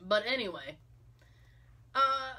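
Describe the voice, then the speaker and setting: A middle-aged woman chats casually on a podcast, her pitch swooping all over as she tells her stories. Her voice is bright and a touch high, and she laughs easily. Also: slow pace. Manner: animated storyteller, exclaims and laughs often. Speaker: podcast host. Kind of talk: casual chat.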